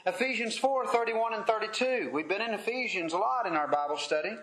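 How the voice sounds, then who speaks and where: High-pitched guy preaching, unhurried and earnest, lots of room echo. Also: expressive, fairly bright tone. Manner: earnest, measured preaching with pauses. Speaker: preacher leading a Bible study. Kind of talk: sermon.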